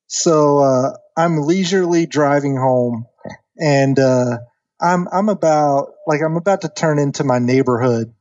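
Man, 30s, chatty animated podcast storyteller, dry dull mic. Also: medium pitch, normal speed, no echo. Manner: animated storyteller, acts out quoted voices, many fillers. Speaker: podcast guest. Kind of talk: casual storytelling.

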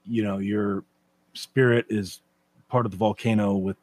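A man's voice: fairly low pitch, fairly even intonation, measured pace, darkish tone. A man on a podcast chatting casually and teasing the other speaker with dry banter. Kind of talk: casual chat.

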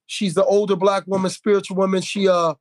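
A man hosting a podcast, telling a story in a lively way, acting out quotes with plenty of fillers and restarts. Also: sits high, fairly quick, no echo. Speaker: podcast host. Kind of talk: casual podcast conversation.

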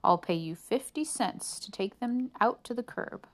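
A friendly old neighbor man with a folksy, chatty way of talking, voiced by a woman reading a picture book. Relaxed and kindly. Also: fairly high pitch, a little slow, voice pushed up.

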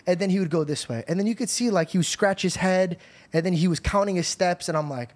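Animated storytelling man, slightly high voice. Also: a little fast. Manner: animated, swears a lot, says bro. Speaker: podcast host. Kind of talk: casual storytelling chat.

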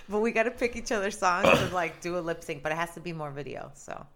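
A woman's voice: fairly low pitch, expressive, quick pace, crowd noise. A woman who works in radio, co-hosting a podcast in a playful, bubbly casual chat. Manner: playful, bubbly, laughs often. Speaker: radio personality, podcast co-host.

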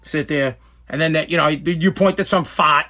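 A man with a high, bright, ringing voice holds forth in a loose, ranting monologue. He tells a story by acting out what people said and drops casual swears along the way. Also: normal speed. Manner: animated, storytelling with acted quotes, swears casually.

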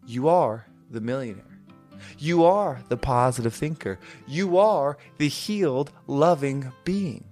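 A man's voice: medium pitch, a little slow, darkish tone. A man hosting a motivational podcast, speaking in an earnest, emphatic and repetitive way. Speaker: podcast host. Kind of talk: motivational monologue. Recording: faint music underneath.

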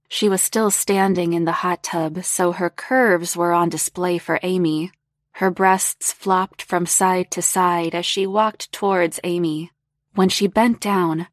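A woman reading a story aloud as narrator in a slow, even, unhurried way. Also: fairly low pitch, no echo, clean studio sound.

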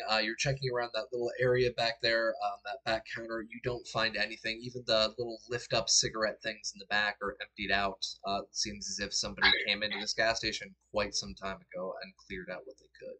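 A man narrating a tabletop game as game master in a relaxed, chatty way with frequent fillers. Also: on the low side, brisk, few pauses.

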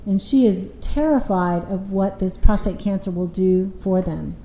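A woman's voice: medium pitch, a little slow, mellow, echoey room, a little hiss or hum, low-quality recording. A woman couples therapist explaining relationship patterns in an earnest, conversational way, often retelling what her clients said.

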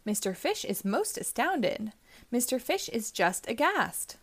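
A woman's voice: fairly high pitch, very animated, measured pace, no echo. A woman hosting storytime, reading a rhyming children's book aloud in a sing-song manner. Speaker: storytime host.

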